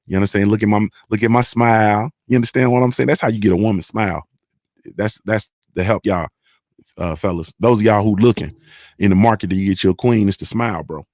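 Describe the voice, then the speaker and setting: A man's voice: fairly low pitch, brisk, a little mellow, no echo, studio quality. A young adult man hosting a casual livestream, talking emphatically and repeating himself, often checking that viewers understand. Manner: emphatic, repetitive, profane, keeps asking "you understand". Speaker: livestream host reading chat.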